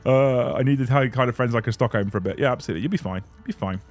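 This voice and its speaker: A man's voice: mid-range voice, very fast. Brief: male streamer, blunt and sweary, exasperated rant, music faint underneath. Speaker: streamer host reading super chats. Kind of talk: casual livestream rant.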